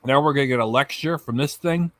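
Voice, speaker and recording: A man's voice: medium pitch, fast talker, a bit bright, no echo. Male reaction host, scornful and profane, plain dry close-mic sound. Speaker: reaction commentator. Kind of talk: mocking reaction commentary.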